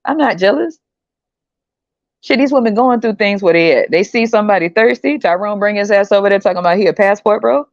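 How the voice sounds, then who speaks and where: A woman's voice: mid-range voice, fairly quick, no echo. Brief: woman podcast host, blunt and mocking commentary, dull lo-fi sound with a dry close feel. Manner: blunt, profane, mocking, laughing. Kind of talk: casual commentary monologue.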